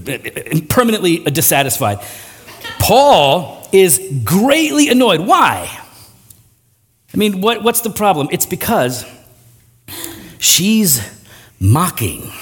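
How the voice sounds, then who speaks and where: Animated man preaching in a reverberant hall. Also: high voice. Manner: animated, self-deprecating, acts out voices mid-sentence. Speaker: pastor. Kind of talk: sermon.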